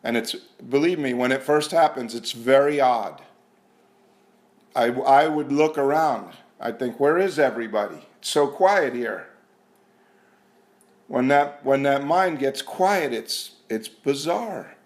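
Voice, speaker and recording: An earnest man shares at a recovery meeting, talking to a room full of people. His pitch sits in the middle, and he speaks conversationally, often questioning himself. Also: slow.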